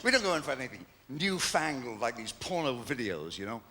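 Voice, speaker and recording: A man's voice: medium pitch, big pitch swings, a little fast, pushed and bright. An English man in his sixties doing live stand-up comedy, chatty and cheeky with well-timed punchlines, on stage at a large venue.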